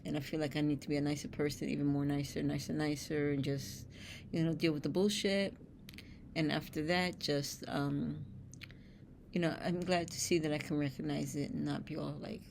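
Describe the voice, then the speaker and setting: A woman's voice: deep voice, steady tone, moderate pace, vocal fry, a little mellow, a little hiss or hum. A woman hosting a spiritual show, reading oracle cards aloud and breaking off into blunt, streetwise asides with casual swearing. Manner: blunt, streetwise, swears freely, reads card texts aloud.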